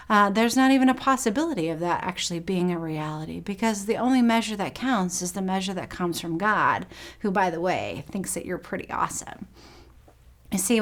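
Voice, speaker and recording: A middle-aged woman pastor giving a sermon, telling personal stories in an earnest way. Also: mid-range voice.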